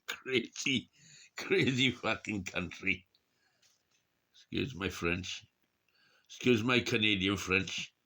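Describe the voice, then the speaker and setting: A man's voice: low-pitched, vocal fry, bright, forceful tone. A man rambling through a late-night monologue, tired and drinking, swearing often and losing his words as he digresses. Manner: forgetful, searches for words aloud.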